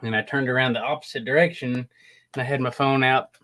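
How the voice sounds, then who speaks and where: A middle-aged man guest on a podcast, telling a story in relaxed, casual conversation and laughing often. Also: medium pitch, fast talker. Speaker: podcast guest, haunted house reviewer. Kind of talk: casual interview chat.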